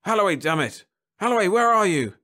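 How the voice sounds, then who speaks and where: A man voicing a gruff male spaceship captain who barks orders and curses. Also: high-pitched, animated, normal speed, a bit bright, voice pushed up. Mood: urgent barking. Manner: barking orders, cursing.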